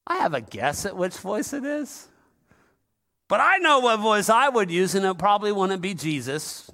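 A man's voice: high voice, very animated, moderate pace, pushed and bright. A male pastor preaching a sermon in a conversational, humorous style, with asides to the congregation in a large church. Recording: long reverb of a large hall.

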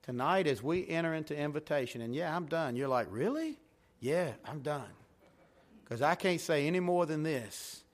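A man's voice: a little high, moderate pace. A man preaching a revival sermon as pastor in a church sanctuary, emphatic, swelling and dropping in intensity.

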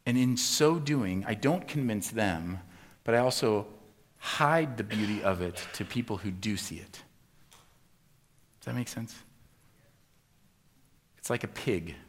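Animated man preaching a sermon. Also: lowish voice, unhurried, long pauses. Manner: animated, acts out quoted voices, swings from loud to hushed. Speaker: pastor.

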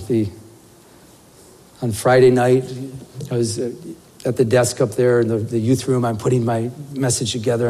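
A man preaching a sermon as a pastor, telling a story in an animated way and saying "you know" often. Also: mid-range voice. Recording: long reverb of a church hall.

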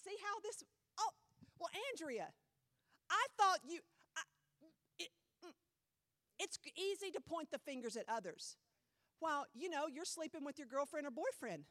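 High-voiced lady preacher, blunt, acts out people's excuses, dry sound. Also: normal speed, no room sound. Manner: animated, blunt, mimics people mockingly. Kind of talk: sermon.

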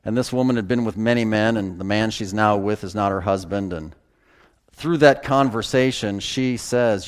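A man's voice: on the low side, moderate pace, clear, resonant tone. A man pastor preaching a conversational sermon, with sudden emphatic bursts.

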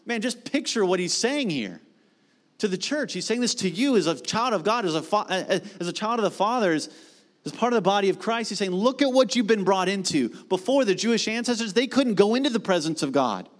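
A middle-aged man preaching a sermon in a conversational way, with quick asides. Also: sits high, lively intonation. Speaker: pastor.

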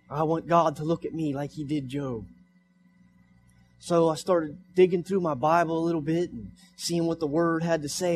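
A man's voice: a little high, a little mellow. A young man preaching a sermon in church, repeating his points with rising emphasis. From United States. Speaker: pastor. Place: church sanctuary.

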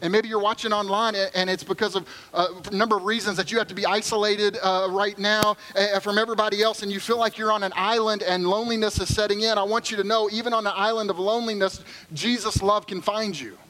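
A man's voice: sits high, steady tone, fast, hardly any pauses, sharp tone, poor audio. A middle-aged man preaching a sermon as pastor, conversational and joking, then earnest.

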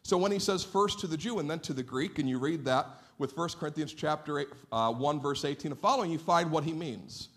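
A man preaching a sermon as a pastor, in a lively, conversational way that plays out what listeners might say. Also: on the high side, a little fast, few pauses. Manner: animated, conversational preaching with mock-quoted listeners. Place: church sanctuary.

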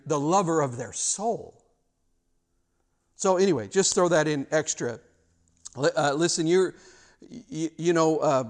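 High-voiced conversational male preacher. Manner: conversational, restarts and repeats words, rises into emphatic bursts. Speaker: pastor. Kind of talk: sermon.

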